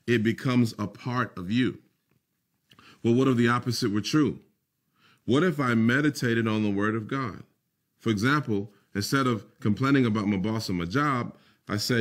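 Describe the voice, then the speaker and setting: A male pastor preaching a sermon, slowing down for emphatic phrases and repeating key lines, dropping into quick muttered asides. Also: mid-range voice.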